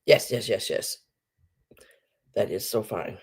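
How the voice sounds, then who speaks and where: A woman's voice: extremely low pitch, slow pace, darkish tone, slightly rough. A middle-aged woman hosting a live online sale, chatting casually and rambling as she greets viewers by name, her voice still groggy from just waking up. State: groggy morning voice, just woken up. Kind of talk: casual livestream chat.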